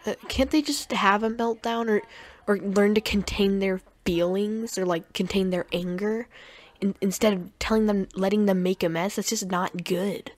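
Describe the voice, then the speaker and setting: A woman's voice: medium pitch, fairly even intonation, normal speed, no echo. Sarcastic young woman, dry close sound. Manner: sarcastic, mocking, stumbles over words. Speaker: commentary youtuber. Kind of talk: sarcastic reaction commentary.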